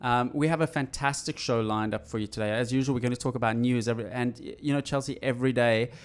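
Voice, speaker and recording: A man's voice: mid-range voice, steady tone, quick pace, clean tone. A man hosting a casual tech podcast from an office, talking in a rambling way with lots of ums and restarts. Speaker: podcast host.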